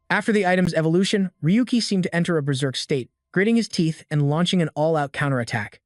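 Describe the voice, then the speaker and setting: A man reading a scripted story recap as narrator, in an even, steady delivery. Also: fairly high pitch, brisk, hardly any pauses, no room sound, clean studio sound. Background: faint background music.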